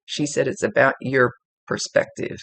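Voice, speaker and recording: Psychic medium, woman, earnest and chatty, gravelly voice, dry close sound. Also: very deep voice, fairly even intonation, moderate pace, a bit bright, no room sound. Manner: earnest, chatty, repeats for emphasis. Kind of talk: spirit reading, relaying messages.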